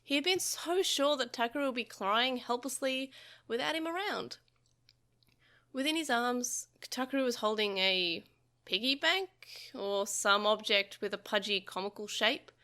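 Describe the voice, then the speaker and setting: Bright-voiced woman reading a novel aloud. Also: a little high, moderate pace. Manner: lively storytelling with small slips and restarts. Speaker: podcast host reading a novel translation.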